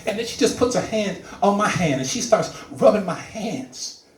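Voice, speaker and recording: Picked up by a faraway mic in a roomy live venue, a man does stand-up on a comedy club stage. His voice sits high at a moderate pace as he tells an animated story and acts out its characters.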